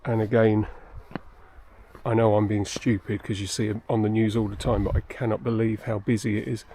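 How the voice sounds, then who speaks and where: A slightly winded hiker vlogs on a handheld phone held close while heading up a busy mountain trail, chatting casually with self-deprecating humor. His mellow, fairly low voice barely moves in pitch and runs a little fast, with a little hiss or hum.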